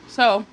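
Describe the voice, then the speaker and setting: Woman mukbang host, slow indignant storytelling between bites, faint room hum. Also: high voice. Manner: animated, indignant storytelling with swearing; pauses to eat, chewing between phrases. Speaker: mukbang vlogger. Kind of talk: casual storytime while eating.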